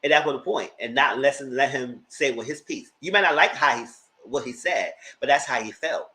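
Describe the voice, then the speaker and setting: A man giving a casual, animated recap of a reality show, slipping into mock voices as he retells scenes. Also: medium pitch, fairly quick, low-quality recording.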